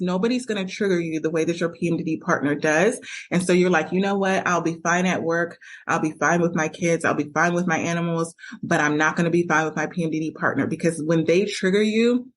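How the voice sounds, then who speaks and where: A woman's voice: fairly low pitch, slightly rough. Woman podcast host, candid confiding tone, acts out quoted arguments, coaching monologue. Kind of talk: personal monologue with advice.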